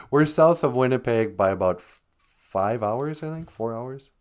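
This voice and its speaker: A man's voice: mid-range voice, lively intonation, unhurried. A man from Minnesota, hosting a casual live stream, playfully chatting and chuckling as he greets viewers. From north central Minnesota. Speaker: host.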